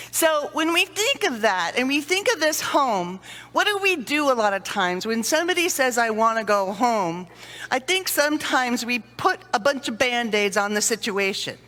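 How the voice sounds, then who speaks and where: A middle-aged woman speaking to a conference audience, telling lively stories and acting out sighs and little scenes. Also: fairly high pitch. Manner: animated storyteller, acts out sighs and little scenes. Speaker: conference speaker on dementia care. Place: conference hall. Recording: long reverb of a hall.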